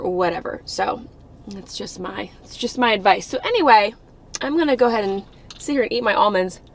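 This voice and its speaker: A woman's voice: medium pitch, a little hiss or hum. A young woman vlogging with casual, upbeat chatter, full of "like" and "you know.". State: out of breath. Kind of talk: casual vlog chat.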